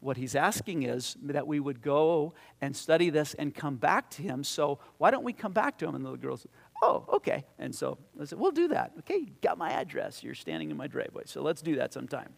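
A man's voice: a little high, big pitch swings, fairly quick, gravelly, hardly any pauses. A man, a pastor or Bible teacher, telling a story to a midweek Bible study in a conversational way, repeating words and growing emphatic as he makes his point.

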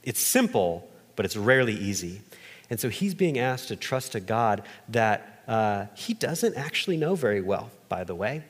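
Animated male pastor in a reverberant hall. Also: normal speed, slightly rough. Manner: animated, lively delivery with jumps in pitch and asides. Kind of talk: conversational sermon. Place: stage in a church hall.

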